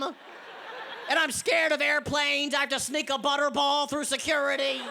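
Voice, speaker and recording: A male stand-up comic whose voice sits very high and sharp, with a gravelly edge. He tells anxious, self-mocking jokes and shouts his punchlines. He is recorded on a stage mic with faint noise behind. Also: flat delivery, unhurried. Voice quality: high, bright voice often taken for a woman's. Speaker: stand-up comedian. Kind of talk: stand-up set.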